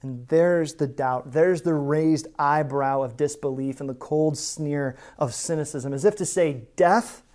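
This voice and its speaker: Brief: male pastor mid-sermon, earnest, talks to the congregation like friends, drops to a hush then builds. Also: a little high, fairly even intonation, unhurried, few pauses. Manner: earnest, shifts from hushed to emphatic; conversational asides to the congregation.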